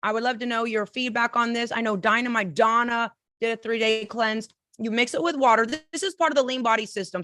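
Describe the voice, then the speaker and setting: A woman hosting a casual live-stream chat, bright and high in pitch. She gushes in quick, enthusiastic bursts. The sound is dry and close. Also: no echo. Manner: enthusiastic and effusive, fast bursts. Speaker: podcast host and coach.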